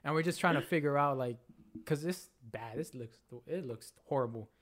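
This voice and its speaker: A young man co-hosting a casual podcast, telling a party story in an animated way, swearing a lot and acting out what people said. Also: fairly high pitch, normal speed. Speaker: podcast co-host.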